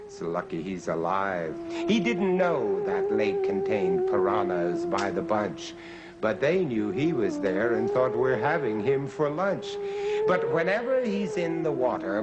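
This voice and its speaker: A man narrating a comic rhyming story in a measured storytelling manner. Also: mid-range voice. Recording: hissy old tape recording.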